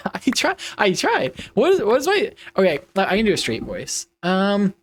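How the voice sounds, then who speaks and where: A young adult streamer chats casually over a game, full of giggles and restarts. The voice swoops up and down in a lively, animated way at a middling pitch. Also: measured pace, a little hiss or hum. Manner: giggly, playful, rambling with many restarts. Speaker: live streamer. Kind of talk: casual live-stream chat while playing.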